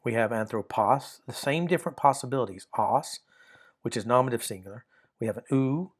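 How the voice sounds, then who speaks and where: A man explaining grammar rules one example at a time. His voice sits at an ordinary middle pitch. He works methodically, circling back and repeating phrases as he checks each form. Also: fairly quick, slightly rough. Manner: methodical, repeats and restarts while pointing at examples. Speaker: Greek grammar teacher.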